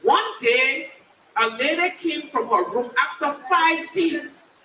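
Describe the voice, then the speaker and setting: A woman in her fifties giving a personal testimony speech as a keynote speaker, telling her story slowly and emphatically with dramatic pauses. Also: high voice, sharp tone, a little hiss or hum. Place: large conference hall. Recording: echoey hall from far off.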